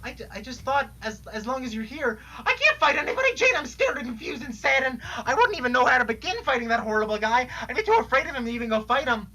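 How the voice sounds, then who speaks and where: A woman's voice: animated, fast, few pauses, bright, forceful tone, husky, full character voice, poor audio. A woman voicing a grief-stricken, dog-like sprite girl who sobs and pleads in a cracking voice during a live-stream comic reading. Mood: frantic. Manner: sobbing, pleading, voice cracking high. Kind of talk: live-stream read-aloud of a web comic.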